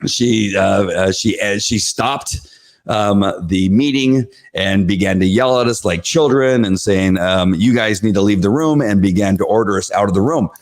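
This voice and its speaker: A man hosting his own show, recapping a school board meeting in casual talk, animated and full of fillers, jumping up in pitch when he acts out the crowd. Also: normal speed.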